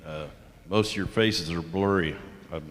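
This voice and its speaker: An older man giving a halting, heartfelt communion talk in a church, pausing often with fillers. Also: sits low, a bit bright. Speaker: lay speaker at communion. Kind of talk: sermon. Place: church sanctuary. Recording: echoey church hall.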